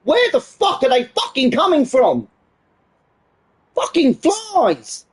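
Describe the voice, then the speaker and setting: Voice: high-pitched, huge pitch swings, moderate pace, husky. A gaming streamer ranting on a live stream in an exasperated, heavily swearing way.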